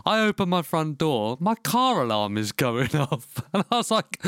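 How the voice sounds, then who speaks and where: A man's voice: on the high side, big pitch swings, moderate pace, few pauses, a bit bright, clear, resonant tone, no echo, studio quality. A man, co-hosting a podcast, telling a story in casual chat, laughing often and swearing freely. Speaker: podcast co-host.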